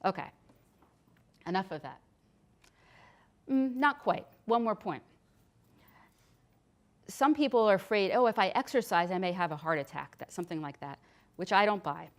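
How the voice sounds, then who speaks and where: A woman's voice: medium pitch, expressive, moderate pace, long pauses. A middle-aged woman nurse practitioner giving a chatty, practical health lecture. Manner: chatty and practical, with frequent restarts. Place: hospital lecture room.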